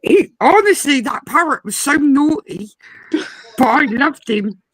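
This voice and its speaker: A woman in casual chat, telling animated stories about a cheeky parrot and imitating its swearing. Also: high voice, measured pace, dry recording, poor audio.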